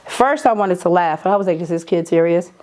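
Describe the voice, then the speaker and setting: A middle-aged New woman, an artist manager, recounts her side in a candid interview. She talks bluntly and animatedly, slipping into the voices of people she quotes. Her voice sits fairly low for a woman. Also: brisk. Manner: animated, acts out quoted lines, blunt and emphatic.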